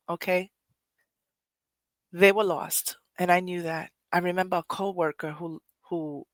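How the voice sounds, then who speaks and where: Podcast host, mid-pitched, earnest and conversational, dry close recording. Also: a bit bright, dry recording. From Puerto Rico. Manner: earnest, conversational, often restarts phrases, swears casually. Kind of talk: personal reflective monologue.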